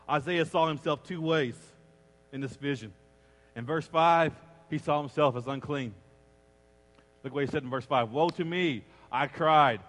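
A middle-aged man preaching a sermon as a pastor, animated and acting out the voices he quotes. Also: on the high side. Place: church sanctuary. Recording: long reverb of a large church hall.

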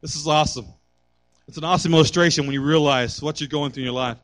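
A man's voice: fairly high pitch, steady tone, fast talker, fairly bright tone, soft background music. A middle-aged man preaching a sermon with call and response, building to impassioned exhortation. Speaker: pastor.

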